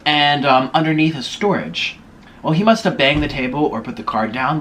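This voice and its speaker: A young man telling a rambling story to the camera while eating, pausing to chew between stories. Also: a little high, expressive, a bit bright, a little hiss or hum. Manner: chatty, rambling, with chewing and food noises between stories. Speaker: vlogger. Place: home room, sitting at a table.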